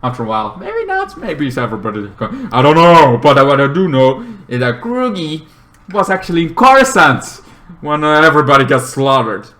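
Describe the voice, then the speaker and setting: A man casually recapping a TV episode in a rambling way, full of fillers, breaking into loud, high-pitched acted-out lines. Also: wildly swooping pitch, brisk. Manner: rambling, filler-heavy retelling, bursts into loud high-pitched character voices. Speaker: TV show reviewer.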